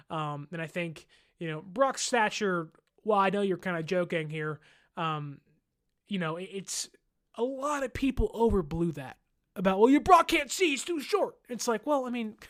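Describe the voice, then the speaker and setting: A man's voice: sits high, a bit bright. Chatty male sports podcast host. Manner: chatty, laughs often, mimics fans in exaggerated voices. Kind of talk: casual sports talk.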